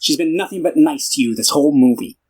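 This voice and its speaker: A man's voice: a little high, quick pace, a little mellow, breathy edge, poor audio. A man co-hosting a podcast in a casual chat, recapping a film in a rambling way with lots of fillers and restarts. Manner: retells scenes by acting out the characters' lines. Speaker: podcast co-host.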